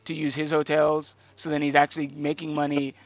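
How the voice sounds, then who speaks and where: A man's voice: on the high side, monotone, fairly quick, dull audio. A man co-hosting a casual podcast chat, teasing and laughing often. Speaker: podcast co-host.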